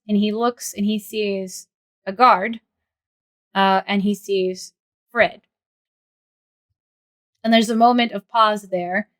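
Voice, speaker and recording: A woman running a tabletop game as game master, narrating casually with frequent fillers. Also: mid-range voice.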